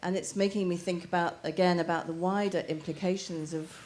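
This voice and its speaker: A woman's voice: fairly low pitch, steady tone, a little mellow, a little hiss or hum. A woman in the audience, a former nurse, speaking earnestly and at length before her question. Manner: earnest and measured. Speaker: audience member asking a question. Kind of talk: audience question at a live talk.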